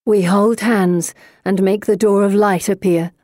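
A woman voicing a fierce, proud teenage girl who turns dangerous, sharp and intense in manner. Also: mid-range voice, steady tone, a little slow, no echo, clean studio sound, natural voice. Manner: sharp and intense, growling when angry.

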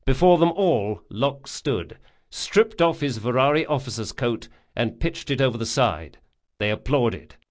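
Male audiobook narrator, mid pitch, expressive and varied delivery. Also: measured pace. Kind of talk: scripted narration.

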